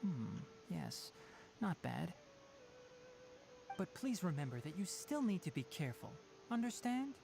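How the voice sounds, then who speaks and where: Casting note: young male ranger mentor, gently stern, caring, lively intonation, game dialogue. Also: high voice, a little slow, gravelly, pauses often, over music, exaggerated voice.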